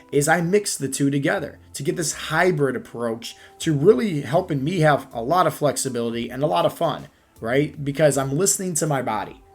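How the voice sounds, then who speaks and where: A man's voice: medium pitch, a little mellow. A man giving a fitness coaching talk as a podcast monologue, emphatic, often checking in with "right?" and "okay?".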